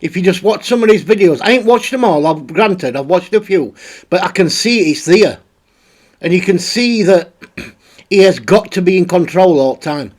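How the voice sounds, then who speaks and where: A man's voice: sits high, lively intonation, normal speed. A man hosting a casual, rambling commentary on online drama. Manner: rambling, blunt, with frequent restarts. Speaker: commentary channel host.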